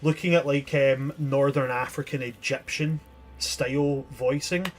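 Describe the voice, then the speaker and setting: A man's voice: mid-range voice, level tone, a little slow. A man narrating a tabletop game as game master, descriptive and chatty with frequent restarts.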